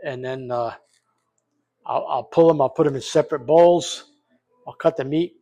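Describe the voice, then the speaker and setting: Speaking at a normal speed in a fairly high, mellow voice, this older home cook runs a casual vlog from his kitchen. He talks spontaneously, cracking jokes and swearing plenty.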